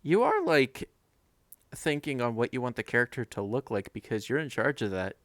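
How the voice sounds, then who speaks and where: Very deep-voiced woman, dry sound. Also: moderate pace, no echo. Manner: relaxed, matter-of-fact updates with fillers. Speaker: stream co-host. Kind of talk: casual stream chat.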